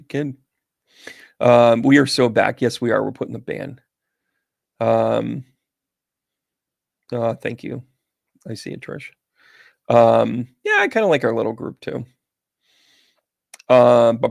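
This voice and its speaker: A man's voice: mid-range voice, lively intonation, measured pace, gravelly, pauses often, no room sound. A man hosting a casual livestream, chatting with viewers by name and telling rambling stories while reading tarot on a close, sensitive microphone. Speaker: psychic medium host.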